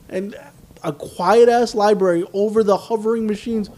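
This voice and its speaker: High-voiced animated man telling stories. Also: moderate pace. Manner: animated storyteller, acts out quotes. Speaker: podcast co-host. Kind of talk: casual chat.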